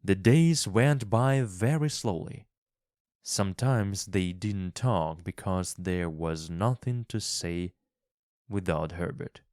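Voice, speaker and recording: A man narrating a story slowly and calmly for English learners. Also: on the low side, no echo, studio quality. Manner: calm, clearly paced reading.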